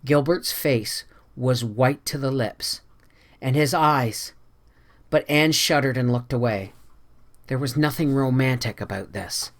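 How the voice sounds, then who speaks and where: A reader giving a measured, expressive narration of a classic novel. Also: medium pitch. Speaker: audiobook narrator. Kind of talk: scripted narration.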